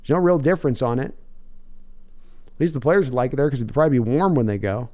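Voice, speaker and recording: A man's voice: mid-range voice, fast talker, dark tone. A man hosting a casual sports live stream, rambling and joking while answering chat questions. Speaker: podcast host.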